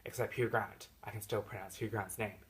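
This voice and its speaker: A man reviewing a film in a casual, chatty way, full of mock complaints aimed straight at the actors. His delivery jumps between loud, excited bursts and low, deflated mutters. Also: brisk, slight background noise. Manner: animated and jokey, with big swings in loudness and pitch. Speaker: movie reviewer. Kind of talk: casual spoken movie review.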